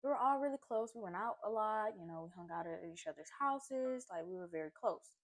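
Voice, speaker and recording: A chatty woman tells a story from her own life while she eats, in a loose, animated way. She fills her talk with asides and fillers and keeps checking in with her listener. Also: medium pitch, fairly quick. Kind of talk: casual storytime while eating. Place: at home, eating a seafood boil.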